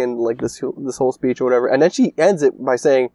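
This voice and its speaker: A man's voice: mid-range voice, fast talker, few pauses, mellow, no room sound. A young man in casual chat, rambling and swearing through a story recap full of filler words. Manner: rambling, profane, lots of filler "like".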